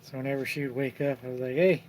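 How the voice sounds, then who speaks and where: A man hosting a casual live stream about card collecting, telling lively stories and mimicking the people in them. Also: medium pitch, rapid-fire, slight background noise. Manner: animated storyteller who mimics voices and laughs.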